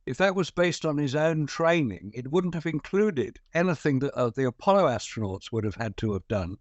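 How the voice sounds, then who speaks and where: A man's voice: fairly high pitch, expressive, normal speed, no room sound. A man in casual discussion, making thoughtful explanatory points with fillers.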